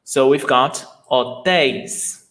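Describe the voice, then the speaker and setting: Slow, patient teacher. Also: male voice, medium pitch, a bit bright, poor audio. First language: Portuguese. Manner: patient, repeats words slowly, asks students questions. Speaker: Portuguese teacher. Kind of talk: live online lesson.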